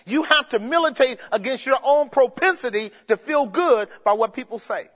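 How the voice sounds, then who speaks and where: A man preaching a sermon, emphatic, swinging between shouts and low murmurs and asking the congregation rhetorical questions. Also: animated, moderate pace, hardly any pauses. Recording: dull sound with long hall reverb.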